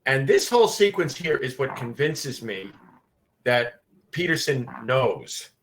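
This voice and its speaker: A man's voice: medium pitch, big pitch swings, a little slow. A man co-hosting a podcast, making brief laid-back remarks over a video call. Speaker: podcast co-host. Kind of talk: casual commentary chat.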